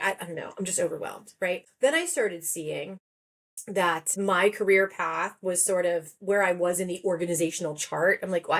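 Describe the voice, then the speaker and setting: A woman in her forties, a therapist and author, talking in a casual podcast interview and telling her story in a chatty way, acting out the people she quotes. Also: fairly low pitch.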